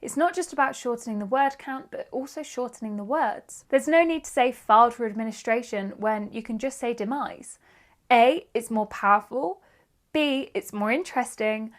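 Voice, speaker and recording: Woman, writing tutor, lively and emphatic, slightly high voice. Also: normal speed. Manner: upbeat, emphatic teacher reading examples aloud. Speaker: writing instructor. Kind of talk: online writing lesson.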